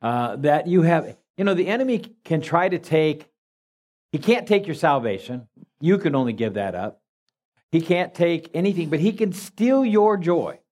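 A man's voice: fairly high pitch, expressive, moderate pace, a little mellow. A man teaching scripture in a church talk, teasing his wife and often restarting his sentences. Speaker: minister, marriage counselor.

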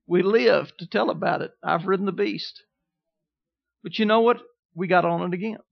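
High-voiced storytelling preacher man. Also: creaky. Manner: storytelling preacher, calls out "Amen?" to the congregation. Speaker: pastor. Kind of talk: sermon. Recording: dull lo-fi sermon recording.

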